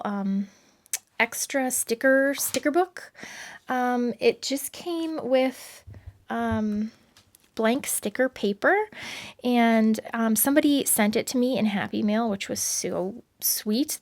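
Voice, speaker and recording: A woman chatting casually as she sets up a planner, rambling with many fillers and little laughs, recorded at home. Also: a little high. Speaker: planner vlogger.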